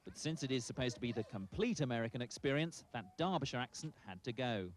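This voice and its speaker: Male reporter voice-over, dry humour, steady scripted read. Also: mid-range voice, fast talker, heavy background noise. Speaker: reporter narrating. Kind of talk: scripted narration.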